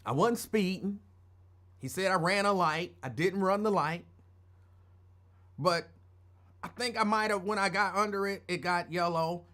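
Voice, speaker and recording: Middle-aged man, show host, casual storytelling, digressive, slightly higher voice. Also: measured pace, pauses often, sharp tone. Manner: rambling, digressive, conversational.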